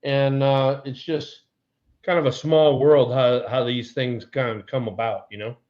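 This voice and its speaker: A man's voice: mid-range voice, a little slow, muffled recording. A man co-hosting a casual baseball chat, telling stories with lots of laughter and energy. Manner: animated storyteller, laughs often. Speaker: co-host, former ballplayer.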